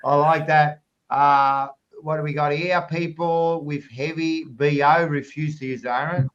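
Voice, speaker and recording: A high-pitched Australian man vents loudly in a casual podcast chat, swearing freely as he rants. The recording sounds dull and lo-fi. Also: fairly even intonation, a little slow. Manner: heated ranting, heavy swearing. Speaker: podcast co-host.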